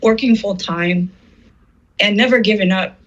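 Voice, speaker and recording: A woman's voice: medium pitch, a little slow. A middle-aged woman being interviewed, telling her personal story in an earnest, emotional way and acting out the words of people she quotes. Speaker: interviewed artist. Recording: slightly dull, muffled audio.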